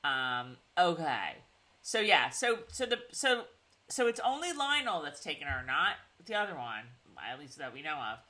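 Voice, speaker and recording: A middle-aged woman chatting through a TV recap on a video call, her fairly low voice swinging widely in pitch. She has a bright, forceful tone. She rambles, restarting her sentences and filling them with "like.". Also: big pitch swings, moderate pace. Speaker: podcast co-host. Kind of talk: casual TV recap chat.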